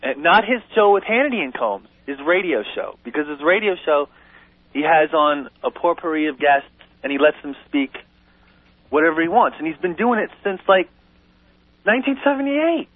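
Animated male caller on a phone line. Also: a little high. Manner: animated, opinionated, quick asides and restarts. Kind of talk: call-in radio talk. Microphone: telephone. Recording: tinny phone line on radio.

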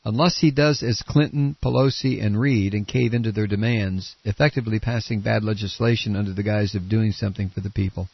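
A man's voice: on the low side, steady tone, a little fast, gravelly, hardly any pauses, slightly rough, no room sound. A man hosting a political talk radio show, blunt and combative, rambling with restarts, congested and coughing at the microphone. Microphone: studio microphone. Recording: dull lo-fi radio broadcast.

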